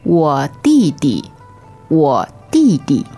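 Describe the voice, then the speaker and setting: Slow, careful female language teacher. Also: deep voice, wildly swooping pitch, mellow, breathy edge, soft background music. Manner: slow, careful, repeating each phrase twice. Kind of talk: slow lesson dialogue and drills.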